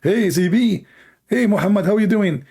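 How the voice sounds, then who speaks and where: A man puts on a chummy fellow with an overly friendly, breezy delivery, pitched up high above his normal speaking voice. The voice keeps the man's gravelly, husky grain underneath the pitched-up tone. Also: expressive, normal speed, warm tone, full character voice. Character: chummy man making an absurd casual invitation.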